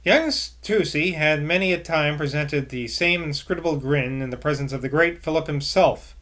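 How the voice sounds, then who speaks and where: Man reading aloud, slightly high voice, steady narration, casual asides. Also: moderate pace. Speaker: reader.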